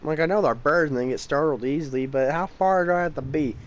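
Tired, frustrated young gaming host. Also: male voice, a little high, fast talker, slight background noise, rough recording. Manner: frustrated, impatient, talks to the game. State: tired and yawning. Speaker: gameplay channel host. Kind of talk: casual let's-play commentary.

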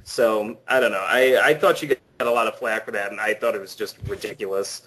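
A man's voice: lowish voice, steady tone, a little fast, fairly bright tone, slightly rough. A young man in a casual panel interview, speaking emphatically and with some indignation. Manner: opinionated, emphatic, slightly indignant. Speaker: co-writer interviewed about his film.

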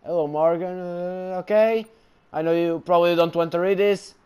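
A man giving excited let's play commentary while gaming, often calling his audience bro. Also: high voice, normal speed, clear, resonant tone. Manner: excitable, keeps saying bro. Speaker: gamer.

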